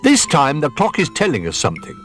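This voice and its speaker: A man voicing an excitable little toy bear in a storybook reading, with a high, eager childlike voice. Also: fairly quick, faint music behind, exaggerated voice.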